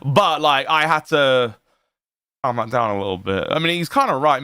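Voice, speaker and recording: A man's voice: medium pitch, moderate pace, sharp tone, smooth, no echo, clean studio sound. A man streaming, reacting to a clip in casual chat, laughing often and swearing freely. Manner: laughing often, profane, rambling.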